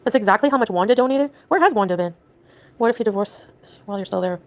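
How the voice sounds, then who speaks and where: A woman from Canada livestreaming, venting quietly and talking to her chat. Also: medium pitch, animated, fast talker. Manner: subdued, venting, talks to chat.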